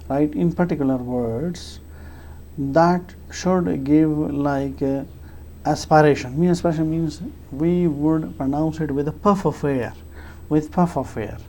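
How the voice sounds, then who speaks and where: Teacher, lecture, mellow voice, halting, many fillers, repetitive. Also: medium pitch. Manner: halting, with frequent fillers and restarts; repeats key phrases for emphasis. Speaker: English teacher. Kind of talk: explanatory lecture.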